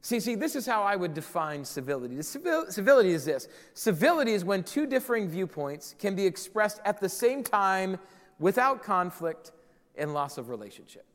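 Pastor, male, high voice, earnest sermon delivery that repeats key lines; reverberant room. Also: big pitch swings, brisk, fairly bright tone.

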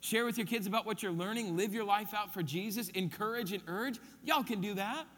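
A man's voice: high-pitched, a little fast, fairly bright tone, big-room sound. A man pastor preaching a sermon, emphatic, repeating his key points and counting them off.

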